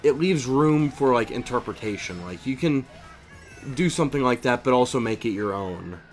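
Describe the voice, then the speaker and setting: A young man talks casually while playing a video game, rambling and opinionated, with plenty of fillers and restarts. His voice sits at an ordinary middle pitch but swings up and down a lot. Faint game music plays underneath. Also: animated, moderate pace. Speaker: streamer and voice impressionist. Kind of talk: casual chat while gaming.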